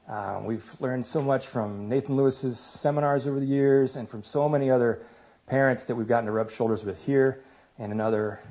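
A man in his thirties with a mid-range, slightly mellow voice gives a church talk on parenting. He speaks conversationally to the congregation and pokes fun at himself, and the lo-fi recording sounds slightly dull.

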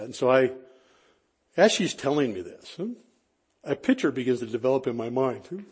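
A man with a slightly husky voice of middle pitch preaches to his congregation. He talks like he is chatting with friends, circling back and restarting his sentences, and he pokes fun at himself. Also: lively intonation, a little fast, darkish tone. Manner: chatty, self-deprecating, frequent restarts. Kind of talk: conversational sermon storytelling.

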